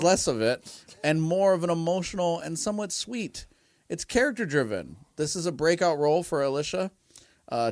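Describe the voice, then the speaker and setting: A man's voice: medium pitch, no echo, clean studio sound. A man co-hosting a casual movie podcast, telling stories and laughing often. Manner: laughs often, animated storytelling. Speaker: podcast co-host. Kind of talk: casual movie review chat.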